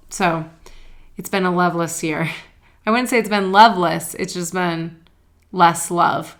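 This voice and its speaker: A woman vlogger speaking earnestly and emotionally in a quiet, thoughtful personal reflection. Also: lowish voice.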